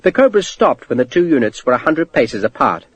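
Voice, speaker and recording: A man narrating a historical war novel as an audiobook, with an expressive storytelling delivery. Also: medium pitch, a little fast, slightly rough, dry recording. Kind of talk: scripted narration.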